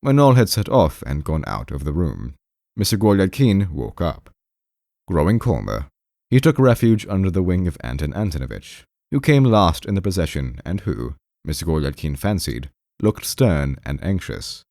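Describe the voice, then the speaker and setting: A man narrates a classic novel as an audiobook in a measured, expressive way. His low voice rises and falls widely with the story. The recording is dry and close to the microphone. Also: gravelly, no room sound.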